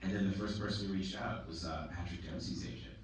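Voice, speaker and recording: A man from Boston, a filmmaker, telling animated stories with frequent laughs and swearing in a Q&A after a screening. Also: deep voice, fast. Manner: animated, swears freely, restarts sentences, laughs often. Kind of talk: casual storytelling to an audience. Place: theater, full house. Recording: echoey theater taped from far off with background noise.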